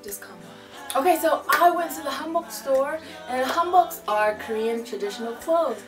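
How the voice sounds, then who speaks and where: A woman's voice: sits high, moderate pace. Chatty young woman with a Georgia accent. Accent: Southern American, Georgia. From Georgia, USA. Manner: animated and chatty, talking straight to the viewer. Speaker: vlogger. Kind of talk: casual vlog chat. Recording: roomy, mic at a distance, music behind.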